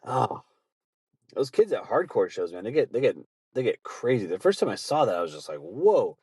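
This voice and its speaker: Low-voiced man telling profane stories. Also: very animated, a little fast, a little mellow, slightly rough, no room sound. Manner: profane, rambling, laughing often. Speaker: podcast host. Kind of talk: casual storytelling.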